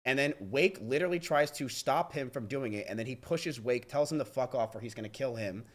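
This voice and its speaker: A young adult man streaming live, ranting to his chat with profane, rapid storytelling and frequent restarts. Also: mid-range voice. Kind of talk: livestream rant to chat.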